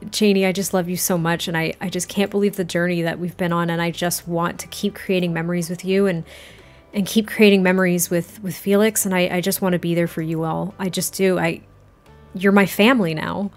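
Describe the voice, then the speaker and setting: A woman's voice: on the low side, fairly even intonation, soft background music, lightly acted. A woman voicing Kingston, a devoted and tender young man who talks earnestly and stumbles over his words. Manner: soft, earnest, halting with restarts. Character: tender adult man, devoted loving partner.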